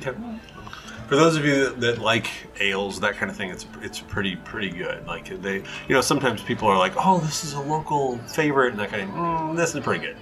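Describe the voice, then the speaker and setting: A man's voice: on the low side, expressive, quick pace, music in the background. A man running a tabletop game as game master, describing scenes in a loose, rambling way. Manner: rambling, hedging with fillers.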